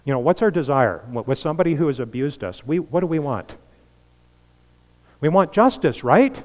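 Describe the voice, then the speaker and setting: A man's voice: fairly high pitch, expressive, normal speed. Earnest male pastor in a reverberant hall. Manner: earnest, with rising emphatic peaks and soft drops. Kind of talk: sermon. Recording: long reverb of a large hall.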